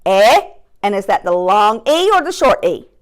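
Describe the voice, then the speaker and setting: A woman teaching a phonics lesson to young children, stretching out sounds and words slowly and clearly while seated at her desk. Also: medium pitch, big pitch swings. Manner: slow, drawn-out sounds, emphatic. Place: classroom or home desk, seated in chair.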